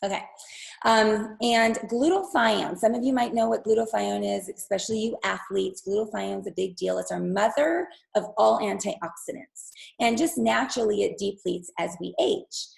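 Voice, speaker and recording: Gravelly, enthusiastic woman presenting on a call. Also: mid-range voice, normal speed, low-quality recording. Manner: enthusiastic, persuasive, addresses viewers as "you guys". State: losing her voice. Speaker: wellness presenter. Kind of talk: product presentation on a video call. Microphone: video call.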